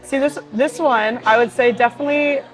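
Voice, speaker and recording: A woman's voice: high-pitched, fairly even intonation, a little fast, low-quality recording. A young woman from Hawaii, a professional volleyball player, reads fan questions aloud and answers them in a chatty, upbeat way, with plenty of "like" and "you know". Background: background music.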